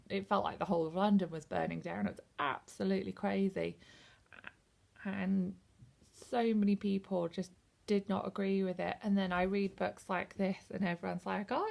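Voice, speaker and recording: A woman's voice: mid-range voice, creaky, a little mellow. A woman in her thirties from the UK, casually reviewing a book on camera in a rambling, hesitant way with lots of ums. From United Kingdom. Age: 30s. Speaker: book vlogger.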